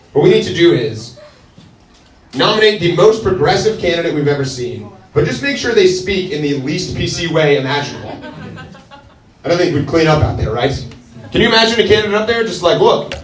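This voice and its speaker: A male stand-up comedian with a hesitant, deadpan delivery full of pauses. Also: on the high side, recorded from a distance. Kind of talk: stand-up set. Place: comedy club stage with laughing audience. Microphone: handheld stage mic. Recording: roomy club sound, audience laughter.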